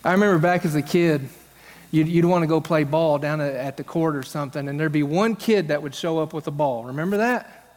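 A man's voice: fairly high pitch, fairly quick, a little mellow, big-room sound. A male pastor preaching a sermon on stage, telling stories and acting out the voices of the people in them. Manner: storytelling, acts out quoted voices. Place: church stage.

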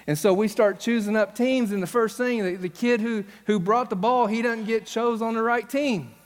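A man's voice: high-pitched, steady tone, moderate pace, long reverb tail. A male pastor preaching a sermon on stage, telling stories and acting out the voices of the people in them. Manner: storytelling, acts out quoted voices. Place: church stage.

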